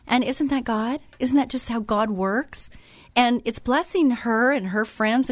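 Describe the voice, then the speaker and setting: A middle-aged woman hosting a faith-based radio show tells a story chattily and enthusiastically, restarting often. Her voice is medium-pitched and the recording is dry.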